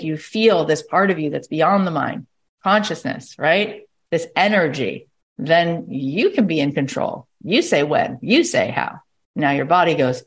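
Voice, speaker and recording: Animated woman hosting a motivational talk. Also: lowish voice. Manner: animated, acts out inner voices, frequent "right?". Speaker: podcast host. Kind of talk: casual motivational monologue.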